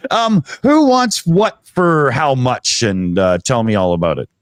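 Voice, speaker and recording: A man hosting a casual livestream, reading out super chats in an animated way, laughing often and sounding a little tired. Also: mid-range voice, clear, resonant tone, dry recording, studio quality. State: tired, not feeling well. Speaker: host.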